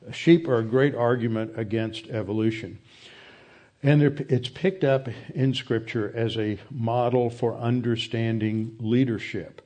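A man giving a Bible study lecture, explaining in a measured way with occasional hesitations. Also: mid-range voice, mellow. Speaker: Bible teacher.

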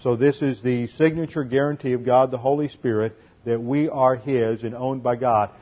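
Methodical preacher, lo-fi. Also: male voice, mid-range voice, steady tone, moderate pace. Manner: methodical, teaching Greek grammar point by point. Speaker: pastor. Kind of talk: expository sermon. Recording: dull lo-fi sermon recording.

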